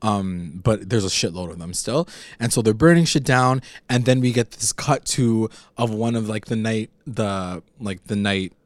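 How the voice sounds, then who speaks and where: A man's voice: lowish voice, moderate pace, no room sound. A man in casual chat, recapping a TV episode, swearing often and filling his talk with "like". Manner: emotional, swears often, heavy use of "like".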